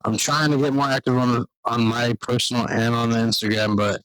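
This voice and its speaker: A man with an average-pitched voice talks in an easygoing way on a casual podcast. He lays out plans out loud with lots of filler words. The sound is dry and close, with little room echo. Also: little pitch movement, a little fast. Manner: laid-back, plans aloud with filler words. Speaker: podcast host. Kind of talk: casual chat. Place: outdoors.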